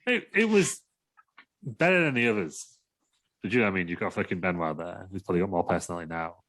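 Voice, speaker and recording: Man, lowish voice, lively swings, blunt casual podcast banter. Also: quick pace. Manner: blunt, sweary, teasing. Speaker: podcast co-host. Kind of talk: casual wrestling review chat.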